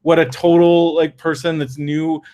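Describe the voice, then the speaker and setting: A man with a somewhat higher voice co-hosts a casual podcast. He talks in loose, meandering sentences that wander from thought to thought. The tone is relaxed, everyday chat. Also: normal speed. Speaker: podcast co-host.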